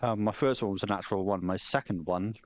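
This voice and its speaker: A man's voice: lowish voice, quick pace, dry recording. A man playing a tabletop game over a close home mic, chatting casually and joking often. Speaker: player.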